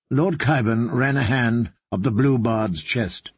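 A man narrating a dark story in a measured, grave way. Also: mid-range voice, husky, dry recording. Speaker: audiobook narrator. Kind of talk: scripted narration.

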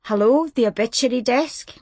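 A woman's voice: on the high side, normal speed, darkish tone, no room sound, voice pushed up, close to an everyday voice. A woman reading aloud, voicing a nervous young trainee journalist who answers the phone with startled politeness. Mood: flustered. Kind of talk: audiobook reading.

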